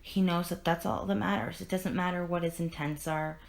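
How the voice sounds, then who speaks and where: A woman's voice: on the low side, steady tone, normal speed, vocal fry. A woman hosting a podcast, retelling a comic in an earnest, emotional way with many restarts. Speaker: podcast host. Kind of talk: casual comic discussion.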